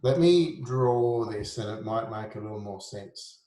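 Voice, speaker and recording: A man teaching a relaxed, informal music lesson. He explains rhythm, sings beats on "da", and jokes at his own expense. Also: lowish voice, a little slow, roomy sound.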